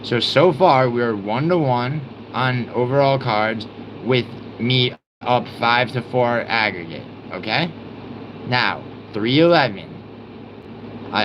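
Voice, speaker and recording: A man's voice: medium pitch, muffled recording. Young male livestream host, heated and profane, mid voice, slight background hum. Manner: exasperated, swearing, rapid outbursts.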